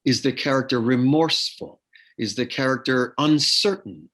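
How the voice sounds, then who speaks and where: A man's voice: mid-range voice, normal speed, a bit bright. A man, an actor, being interviewed on a podcast, explaining at length with frequent fillers and restarts. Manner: explanatory, repeats words, many fillers and restarts. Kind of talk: interview conversation.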